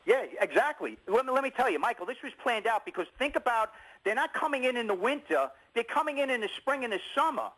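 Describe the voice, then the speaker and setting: Very high-voiced insistent male caller. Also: expressive, quick pace, a bit bright, rough recording. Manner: insistent, stammering restarts. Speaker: radio show caller.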